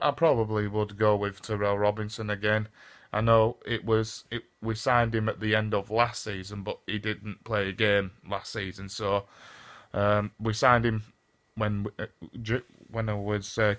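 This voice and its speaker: A man's voice: lowish voice, a bit bright. A man with a Northern English accent giving a casual football season review on his vlog. He talks bluntly and swears often, rambles, and keeps repeating the same stock phrases. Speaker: football fan vlogger.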